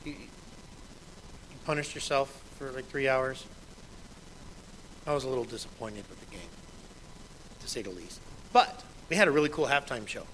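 Bright-voiced man preaching a sermon. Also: mid-range voice, expressive, normal speed, long pauses, a little hiss or hum, poor audio. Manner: conversational preaching, quoting scripture with emphasis. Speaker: pastor.

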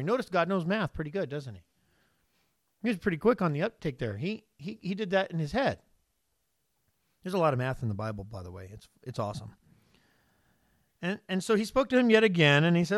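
A man's voice: on the high side, sing-song, a little fast, no room sound, clean studio sound. A man preaching a conversational sermon, reading scripture and asking the congregation questions. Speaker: pastor.

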